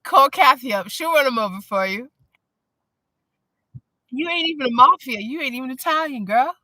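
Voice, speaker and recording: A blunt, animated woman talks casually on a live stream, speaking her mind without holding back. Her voice is bright and slightly high. The sound is dry and close. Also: normal speed, dry recording. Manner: blunt, animated, laughing often. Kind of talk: casual chat.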